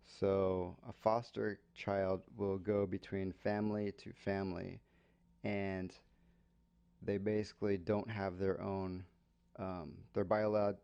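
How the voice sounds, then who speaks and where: Gravelly low-voiced American man telling a story. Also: dull audio. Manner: relaxed, explains slang for learners. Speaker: English podcast host. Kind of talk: casual storytelling lesson.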